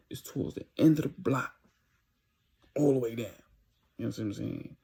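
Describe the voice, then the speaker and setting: A man's voice: on the high side, gravelly, warm tone, husky. A young man telling a casual storytime tale in loose street slang, full of "you know"s. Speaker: vlogger telling a dating story.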